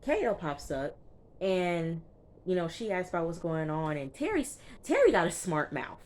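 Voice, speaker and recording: A woman reviewer recapping a TV episode in a casual, slangy, chatty way, tossing in quick asides as she goes. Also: lowish voice, sing-song, darkish tone. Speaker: TV show reviewer.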